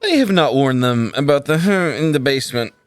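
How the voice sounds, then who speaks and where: A man playing a ship captain who delivers orders and announcements in a dry, rote manner. He is stiff and formal, a little raised and brisk in tone. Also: medium pitch, lively intonation, dry recording, soft background music, lightly acted. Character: formal middle-aged male ship captain.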